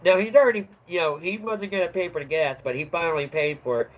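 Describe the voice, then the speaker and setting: A middle-aged man chats on his livestream, voice sitting a little high for a man. He rambles loosely through an old work story and laughs at his own punchlines. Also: fast talker, rough recording. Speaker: livestream host. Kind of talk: casual storytelling chat.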